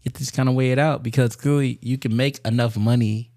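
A man's voice: mid-range voice, fairly even intonation, fast talker, darkish tone. Candid, profane young male co-host. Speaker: podcast co-host. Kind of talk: casual chat.

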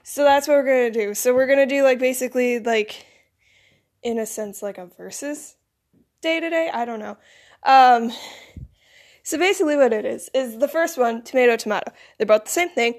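A woman's voice: high voice, moderate pace. A teenage girl rambling casually to camera, with plenty of "like" and "you know". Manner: filler-heavy, rambling, lots of "like". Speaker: vlogger.

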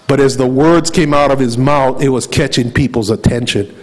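A male preacher delivering a sermon, firing off rhetorical questions and slowing down to repeat key phrases. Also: mid-range voice, low-quality recording.

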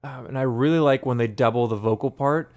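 A young man casually talking through an album with a friend, chatty and relaxed, humming bits of the songs. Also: mid-range voice, brisk. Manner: relaxed, chatty, hums and sings snippets of songs. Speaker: podcast co-host reviewing an album. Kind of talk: casual chat.

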